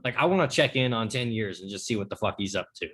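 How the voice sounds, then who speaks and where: A young man in casual comedic chat, laid-back, halting with fillers and heavy swearing. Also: lowish voice, expressive, fairly bright tone, husky.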